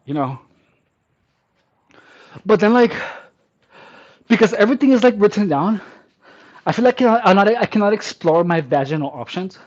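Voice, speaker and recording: A man vlogging his workout, counting reps aloud while straining and joking in a sarcastic, mock-girly persona. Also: sits high. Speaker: fitness vlogger. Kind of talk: casual workout chatter. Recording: dull lo-fi sound.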